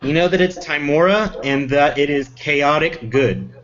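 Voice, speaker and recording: A man's voice: a little high, a little slow, fairly bright tone. A man running a tabletop fantasy game as game master, speaking hesitantly with many fillers. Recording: dull lo-fi recording.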